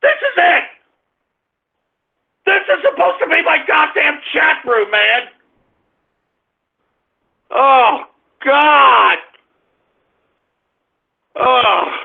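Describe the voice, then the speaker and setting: Angry cursing male radio host, very high gravelly voice, tinny phone-like sound. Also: animated, slow pace, long pauses. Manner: angry, exasperated, cursing, shouting at listeners. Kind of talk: ranting at a live chat room.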